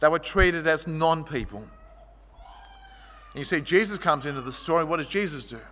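A man preaching a sermon, his voice pitched high and bright with a tense edge. He tells stories vividly, rising to loud, animated passages and dropping to quiet ones. The sound carries a long hall reverb. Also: fairly quick. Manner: storytelling, shifting from vivid and loud to quiet and low. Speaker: pastor.

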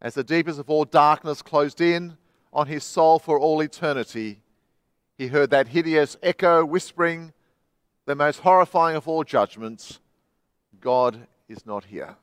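An Australian pastor preaching in church, his voice sitting a little higher than most men's. He reads dramatically, swinging between loud and hushed, quick and slow. The sound is dry and close. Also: clear, resonant tone, no echo. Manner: dramatic reading with wide swings in loudness and pace. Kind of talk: sermon.

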